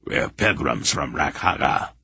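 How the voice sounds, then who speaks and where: A man reading an audiobook, voicing a crafty old sorcerer who smoothly plays a humble pilgrim with a guttural put-on accent. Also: a bass voice, expressive, a little slow, pushed and bright, no room sound, heavily acted. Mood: deferential. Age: older.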